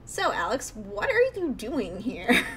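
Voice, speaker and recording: A woman's voice: sits high, huge pitch swings, slow pace, creaky, sharp tone, slight background noise, voice pushed up, heavily acted. A woman as a wry young landlady. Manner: dry, mildly sarcastic. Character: young woman running a guesthouse, wary.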